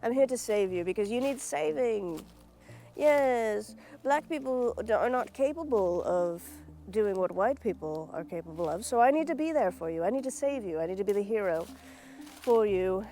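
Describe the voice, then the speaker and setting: A woman's voice: medium pitch, lively intonation, dark tone, close to an everyday voice. Woman putting on a posh british accent, preachy condescending do-gooder lady, drawls it out, faint music under. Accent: put-on British. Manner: condescending, preening, drawn-out. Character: smug self-righteous well-off woman savior.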